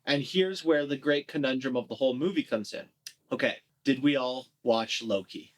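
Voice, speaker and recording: A man's voice: mid-range voice, normal speed. A man co-hosting a movie podcast in casual chat, wry and mocking as he steers the talk. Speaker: podcast co-host.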